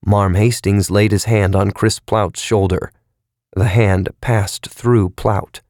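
Man reading a story aloud, lowish voice, very dry close sound. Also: no room sound. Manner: measured, expressive storytelling. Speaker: narrator. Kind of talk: audiobook narration.

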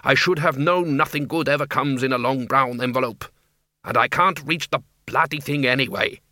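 A man's voice: mid-range voice, normal speed, pushed and bright, no echo, clean studio sound, natural voice. A man doing a whiny, grumbling vampire count. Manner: complaining, whiny.

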